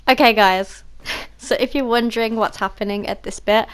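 A chatty woman from the Black Country talks casually over game voice chat at home. Her voice sits fairly high and sounds smooth and clear. She rambles through a headset mic and laughs often. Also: fairly even intonation, moderate pace, faint music behind. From Black Country, England. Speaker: gaming vlogger.

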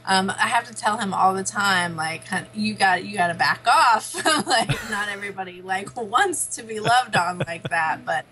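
A woman's voice: mid-range voice, animated, moderate pace, few pauses, sharp tone, low-quality recording. A young woman and mother, chatting casually as a podcast guest, telling stories and laughing often. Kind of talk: casual chat.

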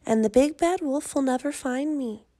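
A woman voicing a carefree young male pig who cries out in a high voice. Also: moderate pace, vocal fry. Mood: excited. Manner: high, excited crying out.

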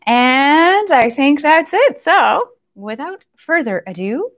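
Library lady doing nursery rhymes for little kids, sing-songy, high voice, takes her time. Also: sing-song, fairly bright tone. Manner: cheerful sing-song rhyming with slowed, stretched lines. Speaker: children's librarian leading storytime. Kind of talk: storytime with nursery rhymes and songs. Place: library storytime recorded on camera.

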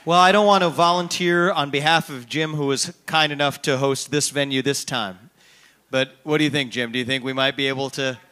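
Man hosting a town hall, bright, forward voice, dry close sound, fluent and rallying. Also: medium pitch, brisk. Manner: fluent, animated, jokey asides, rallying. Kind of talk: public town hall remarks.

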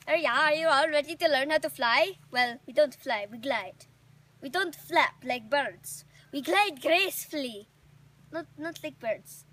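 A woman's voice: high voice, lively intonation, measured pace, fairly bright tone, slight background noise. A woman playing an eager female flying squirrel teacher at a rodent school, sing-song and encouraging, repeating her praise in an amateur comedic role-play. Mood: coaching.

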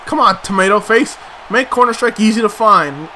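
A man with a high, very bright and sharp voice talks slowly through his gameplay. He mutters to himself and swears when things go wrong, with sudden loud outbursts. A faint hiss sits under the recording. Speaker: let's play host. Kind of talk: gameplay commentary.

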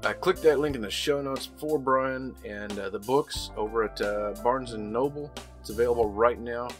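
Folksy podcast host, man, casual sign-off, mid-pitched, guitar music under voice. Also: normal speed. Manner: friendly, folksy.

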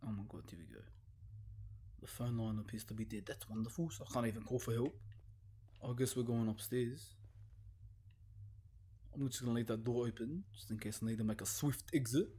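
A man's voice: mid-range voice, fairly even intonation, a little fast, long pauses, warm tone, a little hiss or hum. A young man commenting nervously on a horror game he plays alone at home, swearing and hesitating. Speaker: gaming video host.

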